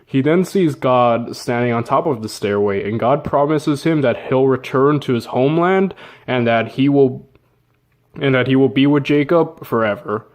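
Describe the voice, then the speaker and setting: A man's voice: medium pitch, normal speed, darkish tone. Joking young-sounding man retelling a story. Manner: joking, slangy, with fillers and laughs. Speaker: narrator. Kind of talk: casual comedic retelling.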